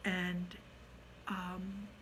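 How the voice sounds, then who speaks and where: A middle-aged woman telling a personal ghost story in a casual, animated way, dropping to a hush at the eerie parts. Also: fairly low pitch, drawn-out words, a little hiss or hum, low-quality recording.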